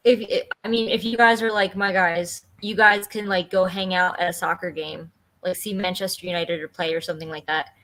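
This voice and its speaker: A woman's voice: fairly low pitch, steady tone, normal speed, hardly any pauses, fairly bright tone, poor audio. A woman chatting on a casual podcast panel, talkative and full of "like" fillers. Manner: chatty, uses lots of fillers like "like". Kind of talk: casual chat.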